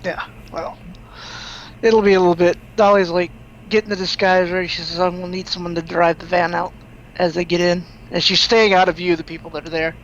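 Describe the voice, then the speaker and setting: A woman player in a tabletop role-play session, speaking in a brisk, businesslike way as she plans her moves. Her voice comes through a dull, lo-fi microphone with faint hiss behind it. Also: fairly low pitch, level tone. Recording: dull lo-fi mic with faint noise.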